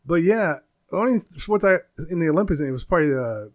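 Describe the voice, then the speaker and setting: A man nearing fifty from the United States talks through a casual solo podcast episode. He rambles, stops to hunt for words and laughs at his own points. His voice sits a little high for a man. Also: expressive, fairly quick. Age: 40s. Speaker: podcast host.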